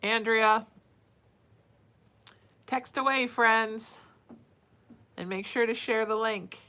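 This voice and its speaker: A woman's voice: fairly high pitch, steady tone, takes it slowly, sharp tone. A woman psychic hosting a casual live stream, reading out viewer names and cooing at her cat between readings. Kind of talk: casual livestream chat.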